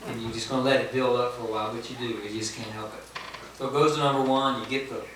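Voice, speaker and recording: A man's voice: medium pitch, fairly even intonation, fast, fairly bright tone, slight background noise. A man, a singer-songwriter, telling a self-mocking story between songs at a house concert and laughing at his own jokes. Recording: echoey room from far off, guitar. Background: acoustic guitar.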